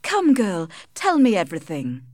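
A woman voicing a poor country mother, eager and motherly, then gently scolding. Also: mid-range voice, wildly swooping pitch, moderate pace, no room sound, clean studio sound, voice pushed up.

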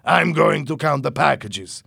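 A man puts on an angry, suspicious smuggler for a storybook reading. He barks orders in a raised voice pitched well above the reader's own. The sound is dry and close. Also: expressive, measured pace, vocal fry, slightly rough, no room sound, full character voice. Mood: angry, bossy. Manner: sharp, bossy, raised voice.

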